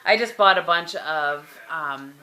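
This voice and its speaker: A woman's voice: low voice, a little slow, a crowd in the background. A woman, rambling casually through a home vlog from her kitchen. She is chatty and throws in self-deprecating asides. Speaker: vlogger. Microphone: handheld compact camera. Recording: noisy home camera audio.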